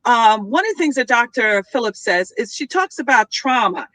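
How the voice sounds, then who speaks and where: A woman guest speaks in a heartfelt conversation, her slightly high voice very animated, bright, and forceful at a normal speed with no echo. She teaches in an affirming way, checking in with her listener through "okay" and "all right."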